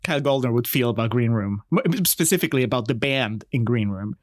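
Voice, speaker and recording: A man's voice: mid-range voice, lively intonation, brisk, no echo, studio quality. Easygoing man on a movie podcast. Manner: laughs often, easygoing, reads quotes aloud. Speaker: podcast co-host. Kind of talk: casual film-review chat.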